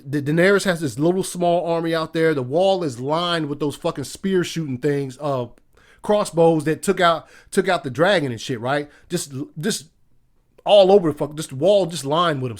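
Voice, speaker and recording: Profane, animated podcast host, a man. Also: on the high side. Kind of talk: casual solo episode recap.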